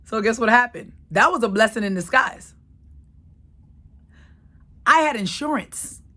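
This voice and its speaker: A woman's voice: fairly high pitch, animated, unhurried, sharp tone. A woman in her thirties hosting her own channel, telling a personal story in a casual, emphatic way and repeating phrases for effect. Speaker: channel host.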